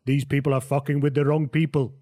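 A man doing a gruff, demanding impression of a foul-tempered rugby player. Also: medium pitch, little pitch movement, quick pace, dark tone, lightly acted. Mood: angry.

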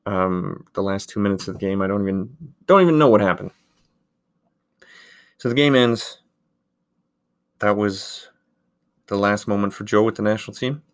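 A man's voice: fairly low pitch, smooth. A man in his thirties who hosts a podcast, telling a story in a casual, rambling way with lots of filler words. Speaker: podcast host, handball goalkeeper.

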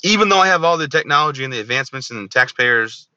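A man's voice: mid-range voice, lively intonation, fast, pushed and bright, dry recording, muffled recording. A man in his thirties, a veteran guest on an interview show, telling his own story candidly and animatedly, often acting out remembered dialogue. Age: 30s.

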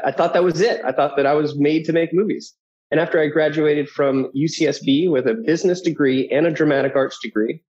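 Man, 30s, guest storyteller, animated, slightly high voice, muffled lo-fi audio. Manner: animated, quick to mimic voices in anecdotes. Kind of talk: personal storytelling. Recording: dull lo-fi audio.

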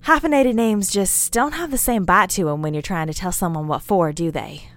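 A woman's voice: on the low side, normal speed, lightly acted. A woman playing a folksy, chatty character who rambles and scolds her listener as she lectures him about memes. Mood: rambling. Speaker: character in an audio drama monologue. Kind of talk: scripted character monologue.

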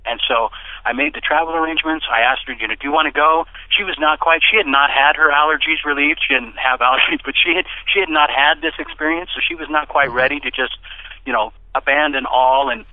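A middle-aged man giving a personal testimony in casual conversation, animated and given to bursts of excited speech. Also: brisk, dry recording. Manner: animated storyteller who bursts into excited, high-pitched quoted speech. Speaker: interview guest. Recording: dry, tinny phone-like line.

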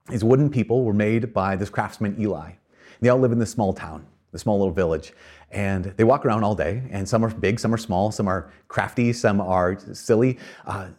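A man's voice: fairly low pitch, a little mellow. A man preaching a conversational sermon, telling a children's story to make his point. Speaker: priest.

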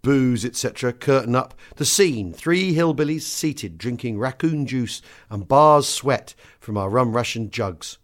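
A man hosting a podcast, reading a book extract aloud with lively swings in pitch and loudness. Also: a little slow, hardly any pauses.

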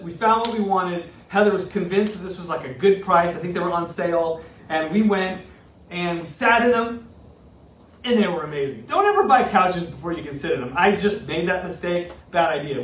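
A middle-aged male pastor tells a story from the pulpit with animated, self-deprecating humor. His voice sits high and leaps all over the place. He sounds set back from the mic in a reverberant room. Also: normal speed, slight background noise. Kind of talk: storytelling sermon. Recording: roomy, from a distance.

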